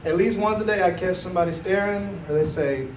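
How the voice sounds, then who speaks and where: A man's voice: sits high, a little fast, slight background noise. A man doing a laid-back, chatty stand-up set on a comedy club stage, laughing at his own jokes. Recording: roomy club sound from a distance.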